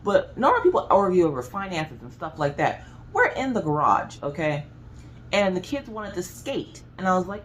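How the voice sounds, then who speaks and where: A woman from the American South with a Southern accent, telling a story in a chatty, animated way, full of asides. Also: lowish voice, normal speed, a little hiss or hum, rough recording. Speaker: craft vlogger. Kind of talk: casual storytelling chat.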